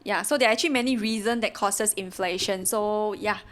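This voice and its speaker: A woman with a Singaporean English accent explains financial points in a steady, measured way. Her voice sits at a middle pitch, and she talks in plain, calm terms. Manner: measured, explanatory, brief backchannels. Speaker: podcast co-host. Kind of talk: casual finance chat.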